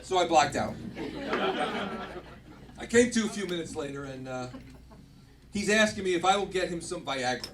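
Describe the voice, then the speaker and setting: A man's voice: fairly high pitch, expressive, normal speed, long pauses, noisy background. A middle-aged man hosting a comedy club night, doing stand-up with rambling, self-interrupting punchlines. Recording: distant mic, loud live audience. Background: audience laughter.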